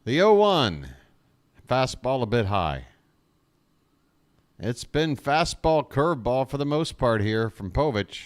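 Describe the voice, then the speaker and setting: A man doing live fan play-by-play of a baseball game, exasperated and sarcastic, with jokey asides between pitches. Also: big pitch swings, takes it slowly, pauses often, clean tone. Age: adult.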